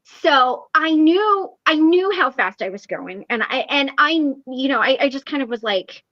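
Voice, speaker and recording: A high-pitched woman hosts a live recovery meeting and tells a story in a casual, animated way, often laughing. Her voice is dry and close, with dull lo-fi sound. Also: measured pace, no echo.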